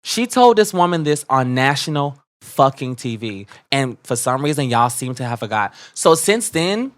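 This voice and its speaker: A fired-up man sounding off on a casual podcast. He curses freely, keeps circling back to his point, and now and then jumps to loud, high bursts of outrage. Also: sing-song, normal speed. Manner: fired-up, profane ranting with sudden loud bursts. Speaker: podcast co-host. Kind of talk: heated casual commentary.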